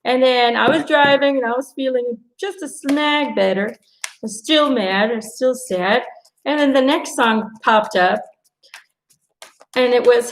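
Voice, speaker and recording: A woman's voice: sits high, measured pace, creaky, slight background noise, low-quality recording. A middle-aged woman giving a live angel card reading, chatting casually and speaking reassuringly to her viewers. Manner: chatty, animated storytelling with quoted asides; reassuring, addresses viewers directly. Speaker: intuitive card reader.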